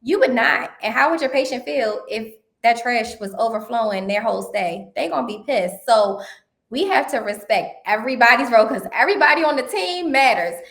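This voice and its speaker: A woman's voice: on the high side, animated, a little fast, a bit bright, roomy sound. A woman interview guest, a healthcare consultant, speaking emphatically with rhetorical questions in casual conversation.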